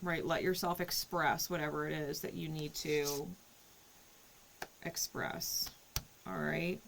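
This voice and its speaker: Low-voiced woman giving a chatty reading. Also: steady tone, takes it slowly, gravelly, background noise. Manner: storytelling, conversational, frequent "right?" and "like". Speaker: tarot reader. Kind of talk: casual spiritual reading.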